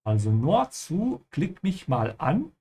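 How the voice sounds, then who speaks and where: A man voicing a talking speech bubble from a point-and-click game, reading its lines slowly and with careful diction. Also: on the high side, sing-song, warm tone, a little hiss or hum, pitched above the performer's own voice. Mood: inviting. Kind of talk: voicing game dialogue in a language lesson.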